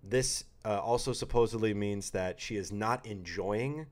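A man's voice: on the low side, measured pace, hardly any pauses. A man co-hosting a casual podcast chat, rambling and joking, slipping into quoted voices. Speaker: podcast co-host.

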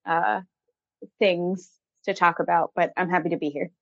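A woman from New Jersey, a podcast guest, chatting casually and pausing with fillers. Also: fairly low pitch, fairly even intonation, gravelly, fairly bright tone, no echo, highs cut off. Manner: hesitant, many fillers.

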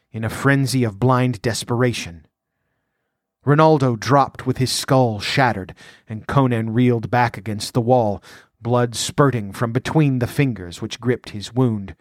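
A man's voice: medium pitch, no echo. Dry-voiced male audiobook narrator. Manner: measured, vivid storytelling.

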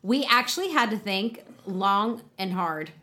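A woman co-hosts a relaxed podcast chat. She talks at a middle pitch and keeps chiming in with quick, supportive remarks. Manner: chatty, quick supportive interjections. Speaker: podcast co-host. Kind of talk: casual chat.

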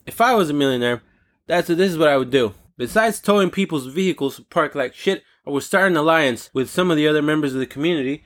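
Guy hosting his own show, ranting all worked up, cussing, kinda high voice. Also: fast talker. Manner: animated, indignant, swears freely. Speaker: podcast host. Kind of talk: casual solo rant.

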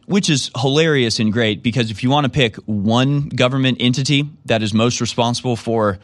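Male commentator, middle-pitched voice, sarcastic and rambling, reacting to a replayed clip. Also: moderate pace, hardly any pauses, no echo, clean studio sound. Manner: sarcastic, rambling, repeats himself. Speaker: political commentator.

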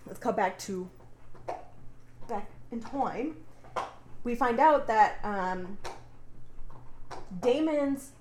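A woman's voice: on the high side, lively intonation, very slow, pauses often, a little mellow, slight background noise. A young woman co-hosting a podcast, recapping a book in a casual, chatty way, swearing freely and saying "like" a lot. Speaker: podcast co-host. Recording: echoey room.

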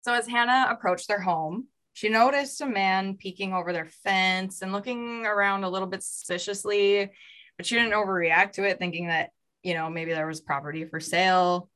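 A woman's voice: mid-range voice, moderate pace, a bit bright. A woman podcast host telling a true crime story in a casual, conversational way, with fillers. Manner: reads out a story with fillers, voicing quoted lines.

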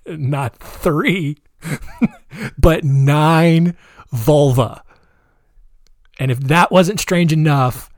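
A young man with a slightly high voice casually recounts a true-crime story. He is chatty and loose, full of fillers and asides, recorded dry and close. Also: no room sound.

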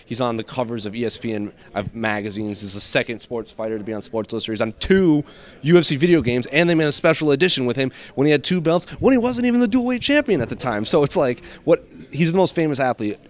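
A man, a guest journalist, giving animated, casual analysis in a roundtable. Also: mid-range voice. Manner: quick, animated analysis with fillers.

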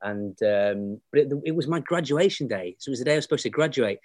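A man's voice: mid-range voice, animated, fast talker, darkish tone. Chatty man telling stories. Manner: chatty anecdotal storyteller, slips into voices for people he quotes. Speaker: actor and comedian guest. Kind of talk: casual podcast chat.

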